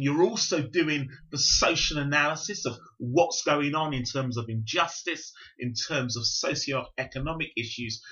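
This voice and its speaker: London man in his fifties, bright forceful voice, measured reflective talk, dull lo-fi sound. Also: medium pitch. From South London, England. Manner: measured, reflective explaining with frequent fillers. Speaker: Pentecostal bishop, guest. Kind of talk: podcast interview. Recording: dull lo-fi recording.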